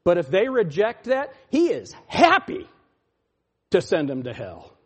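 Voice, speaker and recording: A husky, fairly high-voiced man preaches from the pulpit as pastor. He swings his pitch all over, from loud mocking shouts to low, muttered asides. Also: huge pitch swings, unhurried. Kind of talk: sermon.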